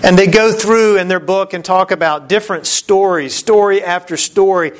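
Pastor guy giving a sermon, fairly high voice, chatty, acts out the disciples. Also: normal speed. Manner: conversational preaching, voices the disciples' lines.

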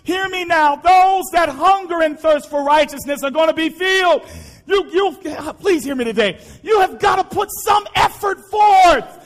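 A very high-voiced man preaches fervently from the pulpit, his sermon repetitive and punctuated by frequent shouts to the congregation.

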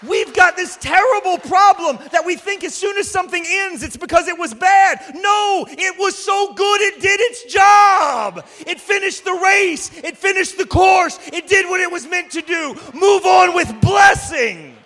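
A male preacher delivering a sermon emphatically, often raising his voice to a shout. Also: very high-pitched, unhurried, hardly any pauses, some chatter behind. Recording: reverberant hall.

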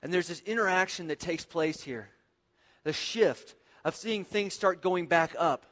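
A man preaching a sermon as pastor. He moves between loud, intense stretches and quiet, reflective passages. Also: high voice, unhurried, long reverb tail.

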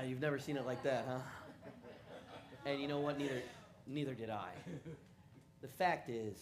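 Faint hiss or hum accompanies a medium-pitched man delivering a sermon as a pastor. He prays, recounts his own experiences, and brings quoted people to life by voicing them with animation.

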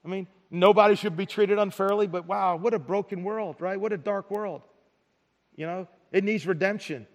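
A man's voice: sits high, moderate pace. A middle-aged man preaching a sermon as pastor, talking in a conversational way, often repeating words and tagging lines with "right?". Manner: conversational preaching with repetitions and tag questions. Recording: large hall reverb.

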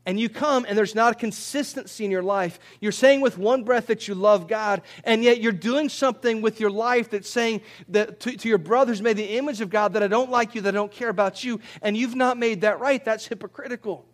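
A man's voice: high-pitched, normal speed, few pauses. A man preaching a sermon as pastor, in a conversational way that often repeats words and rises when he presses a point.

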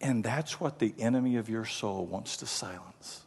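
A man's voice: fairly low pitch, normal speed, creaky, slightly rough. A male pastor preaching a sermon, telling stories and then leading his congregation in prayer. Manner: storytelling, leads the congregation in prayer. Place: church sanctuary. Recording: long reverb of a large hall.

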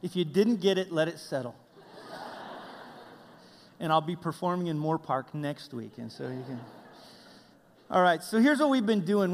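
High-voiced man preaching in a reverberant hall. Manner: conversational, halting with fillers and restarts. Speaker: pastor. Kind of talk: sermon. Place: church sanctuary. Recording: church hall with long reverb.

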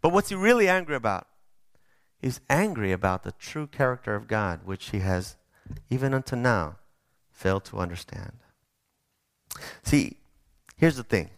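Emphatic preacher, close dry sound. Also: male voice, mid-range voice, big pitch swings, moderate pace, pauses often, a bit bright, no echo. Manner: conversational, emphatic, with restarts. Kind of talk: sermon.

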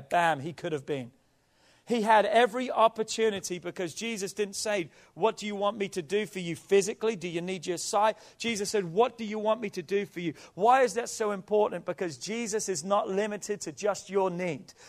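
High-voiced male pastor preaching. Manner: preacher cadence, rhetorical questions, drawn-out repeated phrases. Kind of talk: sermon.

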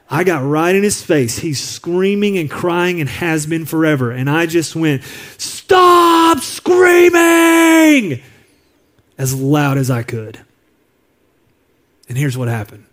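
A man preaching a sermon as a pastor, telling a personal story in an earnest, confiding way. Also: on the high side. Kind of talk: sermon on parenting. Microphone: recorded apart from the congregation.

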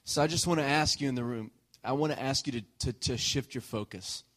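Male pastor, relaxed sermon delivery, playful with the congregation. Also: mid-range voice, fairly quick. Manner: joking, checks in with the congregation. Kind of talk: conversational sermon.

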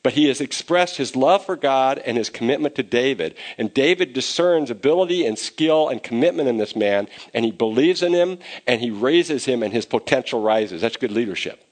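A man preaching a sermon as pastor, conversational and growing animated as he retells scenes. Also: medium pitch, normal speed, few pauses.

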